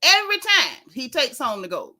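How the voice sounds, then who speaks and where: A woman's voice: high voice, moderate pace. A woman hosting a casual reality TV recap, talking in slang and laughing often. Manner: animated, laughing, heavy slang. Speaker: host.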